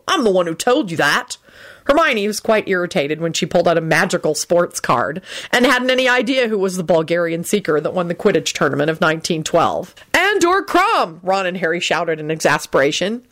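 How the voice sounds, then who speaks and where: A woman narrating a fan story aloud in an audiobook style. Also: fairly low pitch.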